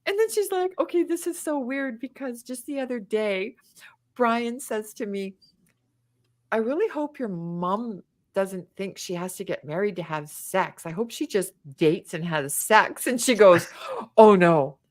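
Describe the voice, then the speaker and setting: A middle-aged woman telling a story in casual chat, animated and acting out quotes with big jumps in pitch. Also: a little slow. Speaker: podcast guest.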